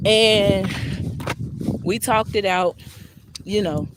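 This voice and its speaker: A woman telling a personal story to her viewers in a casual, blunt and profane way, with lively swings in her voice. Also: lowish voice, measured pace, long pauses, background noise.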